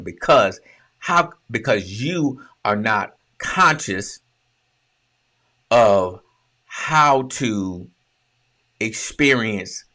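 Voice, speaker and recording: A man's voice: on the low side, fairly bright tone. A man giving an emphatic, conversational talk on relationships as a coach, asking and answering his own questions. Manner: conversational, with colloquial phrasing.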